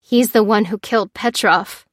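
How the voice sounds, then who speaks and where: A woman's voice: medium pitch, normal speed, dry recording, clean studio sound, close to an everyday voice. A woman voicing a shaken female doctor, breathless and insistent. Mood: desperate.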